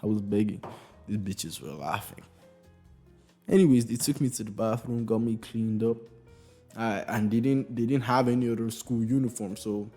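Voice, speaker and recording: A young man in his early twenties telling a comedic story, animated, swearing freely and laughing through his lines. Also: on the low side, moderate pace, faint music behind.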